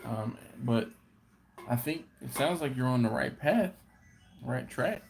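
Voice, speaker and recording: Slow, easygoing man chatting on a live stream. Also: mid-range voice, expressive, creaky, a little mellow. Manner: unhurried, laughing storyteller who acts out quotes. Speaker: host of a barbecue channel.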